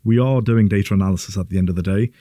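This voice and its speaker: Low-ish guy voice, podcast co-host, dry close mic, thinks out loud and restarts a lot. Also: racing, dry recording. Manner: thoughtful, explaining, with restarts. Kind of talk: casual conversation.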